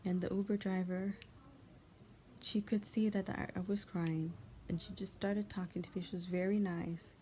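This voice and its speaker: A young woman, a channel host, giving a heartfelt monologue of encouragement in a soft, often half-whispered, gentle and comforting way. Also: medium pitch, little pitch movement, normal speed, a little hiss or hum. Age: young adult.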